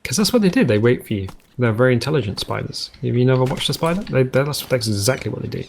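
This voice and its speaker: A man at a middle pitch talking through a survival game from his home. He rambles and drifts into joking tangents, often cutting himself off and starting over. It sounds relaxed and unscripted, like a casual let's-play host. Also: fast, creaky, a little hiss or hum. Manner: rambling, self-interrupting, jokey tangents. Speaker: gaming video host.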